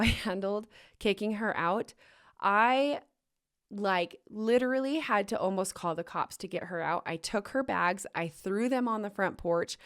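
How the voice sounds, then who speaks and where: A woman's voice: medium pitch, clear, resonant tone. A young adult woman hosting a podcast, telling a personal story to her listeners candidly and with strong emotion, breaking into rueful laughs. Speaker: podcast host.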